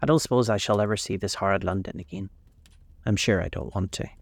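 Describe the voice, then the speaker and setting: A man voicing a rough, stern young man who talks gruffly and bluntly. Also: deep voice, quick pace, no echo, heavily acted.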